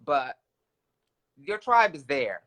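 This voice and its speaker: A man co-hosting a casual talk show, giving lively advice and jumping in with quick asides. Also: on the high side. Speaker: podcast co-host.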